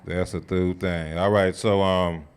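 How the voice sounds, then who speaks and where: A man leading a scripture study, retelling the story in a colloquial, conversational and animated way. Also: low-pitched, unhurried, clear, resonant tone. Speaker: Bible study teacher. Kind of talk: casual sermon-style scripture teaching.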